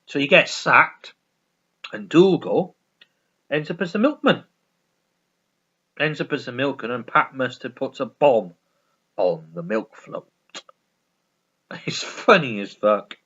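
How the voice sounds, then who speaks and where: A man's voice: mid-range voice, animated, slow pace, pauses often, bright, forceful tone, husky. A man chatting casually on his vlog, rambling and swearing, often stumbling and laughing. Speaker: vlogger. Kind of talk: casual chat reviewing a sitcom. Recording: dull lo-fi recording.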